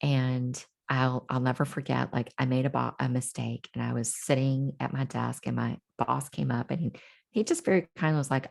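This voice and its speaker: A middle-aged woman speaks as an interview guest, telling her own story in a candid, reflective way. Her voice sits very low with a gravelly fry. She pauses often and restarts her sentences. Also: fairly even intonation.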